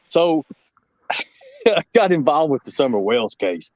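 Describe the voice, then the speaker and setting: A man's voice: mid-range voice, expressive, moderate pace, pauses often, no room sound. Rambling Southern man on a dull line. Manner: rambling, emphatic, with many fillers. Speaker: guest on a live stream. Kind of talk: casual live-stream chat.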